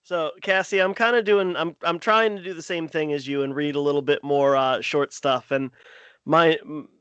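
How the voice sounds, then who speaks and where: Man, smooth resonant voice, dry close sound, stammers as he thinks. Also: a little high, fairly even intonation, normal speed, fairly bright tone, no echo, lo-fi sound. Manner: thoughtful, stammering restarts. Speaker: podcast co-host. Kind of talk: casual chat.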